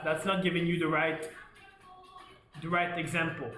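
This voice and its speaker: Bright-voiced man hosting a live trading stream. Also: on the high side, moderate pace. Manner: energetic, repeats "guys", laughs often. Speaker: livestream trading host. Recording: echoey room with faint music.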